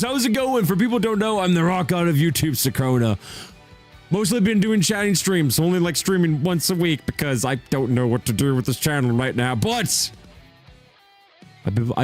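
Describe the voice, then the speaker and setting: A young male streamer talks casually with his viewers, cracking jokes and laughing often. His pitch jumps all over the place, especially when he greets people. Soft guitar music plays quietly in the background. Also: expressive, normal speed. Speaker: streamer host. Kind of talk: casual livestream chat.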